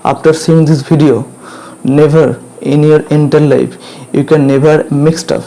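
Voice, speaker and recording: Man teaching grammar, dark mellow voice. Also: a little high, fairly even intonation, measured pace, creaky, rough recording. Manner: repetitive, drills points again and again with checking questions. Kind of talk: classroom grammar lesson.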